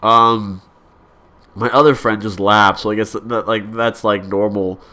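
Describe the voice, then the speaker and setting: Bright-voiced young man rambling. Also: on the low side, fairly even intonation, measured pace. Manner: rambling, many fillers and restarts. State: coughing. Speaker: vlogger. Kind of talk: casual rambling monologue.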